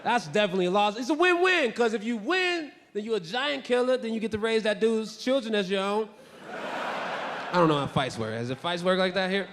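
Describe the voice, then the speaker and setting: Male stand-up comic, rambling self-mocking stories, high voice, long hall reverb. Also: expressive, brisk, fairly bright tone, a little hiss or hum. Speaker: stand-up comedian. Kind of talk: stand-up comedy storytelling. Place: theater stage before a live audience. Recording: live theater recording with hall reverb.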